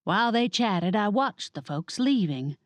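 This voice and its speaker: A woman's voice: medium pitch, expressive, unhurried, no room sound. A woman narrating a cozy audiobook in first person, wry and conversational.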